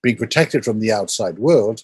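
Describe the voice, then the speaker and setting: 一位嗓音略带沙哑的男士，作为访谈嘉宾娓娓道来，边思考边讲故事，录音干燥、没有回声。. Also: male voice, lowish voice, lively intonation, moderate pace, husky, no echo. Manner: thoughtful, storytelling, explains at length. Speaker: interview guest. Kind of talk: reflective conversational talk.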